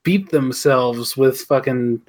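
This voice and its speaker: A man co-hosting a casual podcast, agreeable and a bit halting as he joins the chat. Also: mid-range voice. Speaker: podcast co-host.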